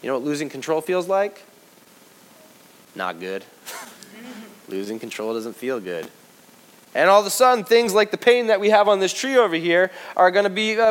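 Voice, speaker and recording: A man preaching a sermon to his congregation, lively and joking, talking straight to them. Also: lowish voice. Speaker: pastor. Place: church service before a congregation.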